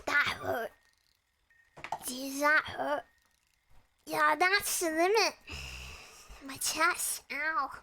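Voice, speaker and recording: A woman's voice: high voice, drawn-out words, pauses often, pushed and bright, a little hiss or hum. A young woman chatting casually and playfully with her viewers on a stream from her room. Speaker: VTuber streamer.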